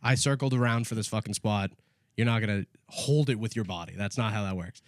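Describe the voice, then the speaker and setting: A man co-hosting a casual comedy podcast, laughing often and shouting mock-angry bits as he tells stories. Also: lowish voice, fairly quick, dry recording, clean studio sound. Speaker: podcast co-host.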